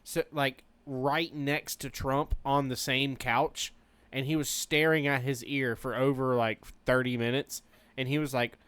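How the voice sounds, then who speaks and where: A man's voice: medium pitch, flat delivery, measured pace, a bit bright, smooth, no room sound. A man co-hosting a podcast in casual chat, joking and swearing as he trails off and restarts. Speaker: podcast co-host.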